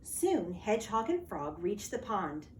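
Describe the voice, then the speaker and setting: Slow, expressive woman reading a picture book. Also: mid-range voice, echoey room, a little hiss or hum. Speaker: teacher reading aloud. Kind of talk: children's storybook read-aloud.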